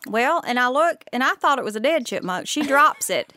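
A middle-aged woman, telling stories as a podcast guest in an animated, chatty way and often clearing her throat. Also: high voice, moderate pace, no room sound, clean studio sound. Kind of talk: casual chat, storytelling.

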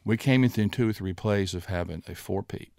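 A man in his sixties, a former football coach and the guest, telling lively stories from the sidelines and acting out the voices in them. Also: on the low side, brisk, gravelly, no room sound, studio quality. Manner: animated anecdote-telling, acting out quoted voices. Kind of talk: casual storytelling.

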